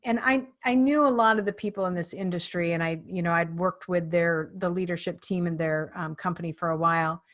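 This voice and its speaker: A woman hosting a podcast interview, telling a lively story and acting out the people in it. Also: on the low side, brisk, hardly any pauses. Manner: animated storyteller, acts out quoted people. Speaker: podcast host.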